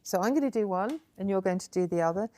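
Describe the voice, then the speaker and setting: Woman, craft workshop host, chatty, encouraging, middle pitch. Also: lively intonation, fast talker, warm tone. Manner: encouraging, chatty, praising often. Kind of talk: hands-on craft tutorial. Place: indoor crafting table.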